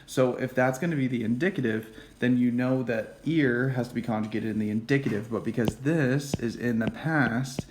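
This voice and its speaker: A man giving a casual classroom lecture, often checking in with "okay?" and "right?" and dropping into quiet whispered asides. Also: mid-range voice, moderate pace, hardly any pauses, noisy background. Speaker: teacher.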